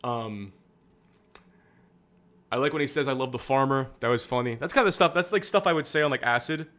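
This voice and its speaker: A man's voice: fairly high pitch, lively intonation, fairly quick, pushed and bright. A young man streaming casual political commentary, rambling and candid, with frequent fillers and restarts.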